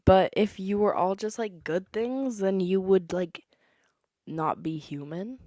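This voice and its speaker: A woman's voice: mid-range voice, a little slow, mellow, dry recording, clean studio sound. A young woman, possibly a teenager, hosting a casual solo podcast, chatty and opinionated, sometimes breaking into song. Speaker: podcast host.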